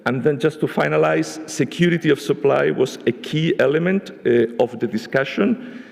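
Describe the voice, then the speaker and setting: A man giving a measured spoken summary of a panel discussion at a conference, often restarting his phrases. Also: medium pitch, gravelly, darkish tone. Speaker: panel rapporteur. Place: large conference hall. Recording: echoey conference hall.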